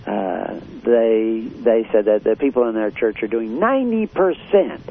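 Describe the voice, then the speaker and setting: A man preaching a blunt, confrontational radio sermon, often pausing with fillers. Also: on the low side, animated, creaky. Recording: tinny phone-like radio line with faint hiss.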